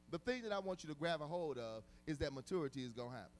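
A male pastor delivering a sermon in a fairly high voice. He preaches emphatically, hammering on repeated words and moving between hushed asides and loud shouts. His speech is casual and colloquial. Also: fairly quick, pauses often, a little hiss or hum.

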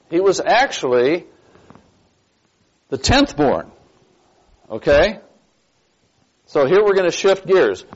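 Slow, emphatic pastor teaching Bible class. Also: male voice, fairly high pitch. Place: church classroom. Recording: dull lo-fi recording.

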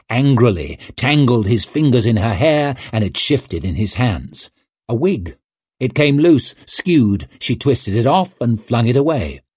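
A man reading an audiobook in a measured, expressive way, close to the mic. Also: mid-range voice, slightly rough, dry recording. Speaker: audiobook narrator. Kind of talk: scripted narration.

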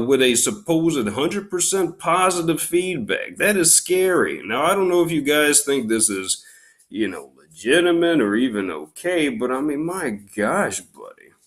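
A man giving casual unboxing commentary at a slow, drawn-out pace, with a voice of ordinary pitch. He complains in exaggerated outrage and punctuates it with loud exclamations. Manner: exasperated, mock-outraged griping with loud exclamations. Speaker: YouTube unboxing host.

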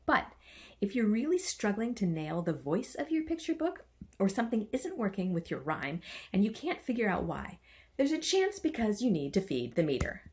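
A woman's voice: medium pitch, big pitch swings, normal speed, a little mellow. A woman teaching a writing workshop. She chants the stressed beats aloud and adds playful, self-mocking asides. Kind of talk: online writing lesson.

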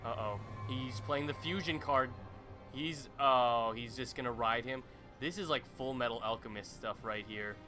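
A young man commenting on a boss fight as he plays, swinging from muttering to loud yelps and exclamations. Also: medium pitch, normal speed. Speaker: gaming channel host. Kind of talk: excited let's-play commentary. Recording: game music underneath.

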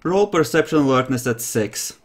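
A young man narrating a tabletop role-playing game as game master, lively and quick to laugh. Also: medium pitch.

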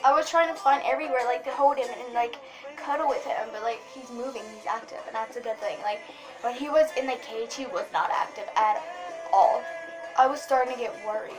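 A young woman chatting excitedly in a casual vlog, rambling with lots of fillers. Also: on the high side, brisk. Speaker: vlogger. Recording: music playing behind.

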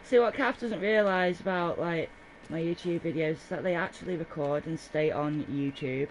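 A woman's voice: deep voice, normal speed, low-quality recording. A woman streaming a game, chatting casually in a blunt way with plenty of swearing. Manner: laid-back, blunt, swearing. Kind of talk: casual chat while gaming. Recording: crowd sounds behind.

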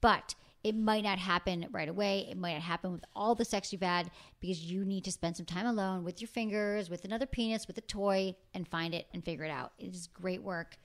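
A woman's voice: lowish voice, fairly even intonation, brisk, hardly any pauses. A woman hosting a casual, frank chat, talking freely and laughing easily. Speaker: host.

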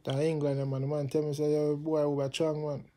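Jamaican male vlogger, fiery patois rant, very dark tone, slightly high pitch. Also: little pitch movement, quick pace. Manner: impassioned, repetitive, patois-heavy. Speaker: channel host. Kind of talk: casual political rant to camera.

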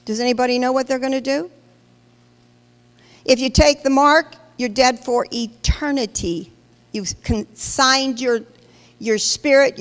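Woman pastor, sermon, emphatic, slightly high voice, long hall reverb. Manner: emphatic, questions the congregation directly. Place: large church hall.

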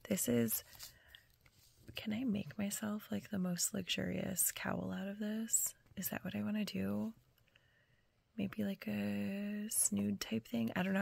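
A woman knitting vlogger, whispering softly as she talks casually to the camera about gifts she has received. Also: a little high, gravelly, slightly rough. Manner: soft hushed whispering, gushing over gifts. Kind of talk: whispered casual vlog narration.

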